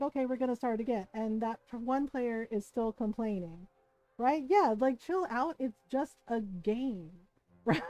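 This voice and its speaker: A middle-aged woman streaming and telling a story in a casual chat, chatty and laughing often, keeping her listeners in with a steady "right?". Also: fairly high pitch, low-quality recording. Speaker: livestreamer.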